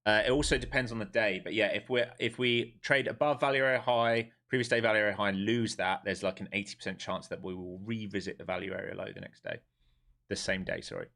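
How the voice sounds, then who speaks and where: A man with a fairly low, steady voice that comes out fast, pushed and bright is live-streaming his day trading. He talks bluntly and swears a lot, questioning his viewers and then supplying the answers himself, wound up and emphatic throughout.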